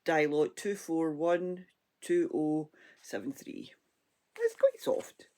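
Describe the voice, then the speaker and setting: A woman with a Scottish accent talks through her crochet in a loose, rambling, chatty way. Her throat sounds hoarse and froggy, and she laughs often. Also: low-pitched, huge pitch swings, slow, dark tone. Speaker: crochet vlogger. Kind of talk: casual crafting chat.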